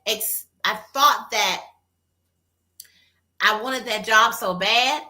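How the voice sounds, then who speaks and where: Bright-voiced woman therapist, animated. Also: a little high, slow pace. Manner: animated storytelling, acts out quotes. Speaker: therapist and co-host. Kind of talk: casual conversation.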